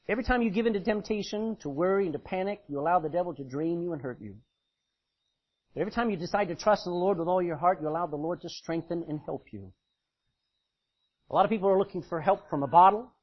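Middle-aged preacher man, high husky voice, folksy and emphatic, dull lo-fi recording. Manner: emphatic, folksy, swings between loud and quiet. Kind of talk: sermon.

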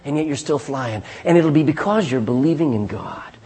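A man's voice: fairly high pitch, moderate pace. A middle-aged male pastor preaching a sermon, telling stories and calling out "Amen?" to his congregation. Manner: calls out "Amen?" to the congregation, lively storytelling with restarts.

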